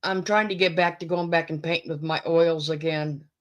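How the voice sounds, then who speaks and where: A woman co-hosting a casual chat, talking in a chatty way with quick asides. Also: deep voice, fairly even intonation. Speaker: channel co-host.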